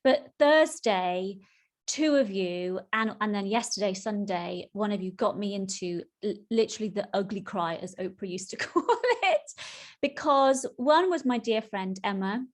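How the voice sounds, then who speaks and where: An earnest middle-aged woman chats alone on her podcast as a spiritual coach. She speaks from the heart, stretching out key words. Her pitch sits at an ordinary middle level for a woman. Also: animated, measured pace. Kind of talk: solo podcast chat.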